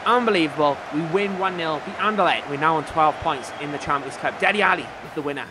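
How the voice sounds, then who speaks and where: A young man calls the action of a football video game in an upbeat, excitable voice, addressing his viewers directly. His voice sits high, with faint music playing underneath. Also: quick pace. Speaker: gaming video host. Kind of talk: game commentary.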